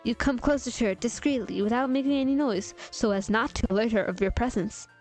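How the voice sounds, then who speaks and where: A young woman reads a fanfiction aloud in a casual, giggly manner, pausing to react to the story. Her voice sits fairly high. Faint music plays in the background. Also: darkish tone. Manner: playful, giggly, breaks off to comment. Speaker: VTuber reading fanfiction. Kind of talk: casual dramatic reading of fanfiction.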